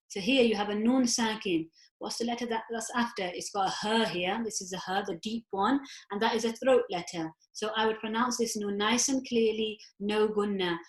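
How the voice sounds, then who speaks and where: A woman's voice: medium pitch, steady tone, reverberant, poor audio. Patient woman teaching recitation over a video call. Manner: patient, explains step by step, recites verses slowly. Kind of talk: online class teaching.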